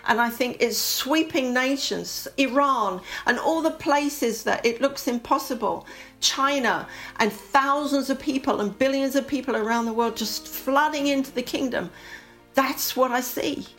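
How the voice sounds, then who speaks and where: A woman's voice: high-pitched, measured pace, a bit bright, soft background music. Fervent woman sharing prayer testimony. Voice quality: earnest, prayerful, rising to fervent intensity. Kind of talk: impassioned Christian testimony.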